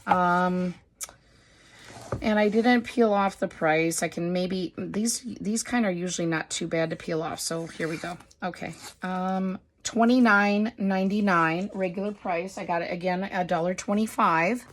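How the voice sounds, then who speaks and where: A woman with a hoarse, slightly low-pitched voice talks through a craft haul in easy, rambling vlog chat. She is apologetic and self-deprecating, talking as if to friends watching. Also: a little slow, a little hiss or hum. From United States. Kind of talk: casual chatty show-and-tell.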